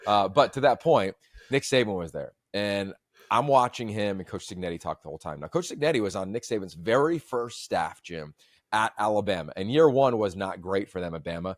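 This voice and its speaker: Male podcast host, low-pitched, dry recording, long-winded storyteller. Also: lively intonation, fairly quick, no room sound. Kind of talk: casual chat.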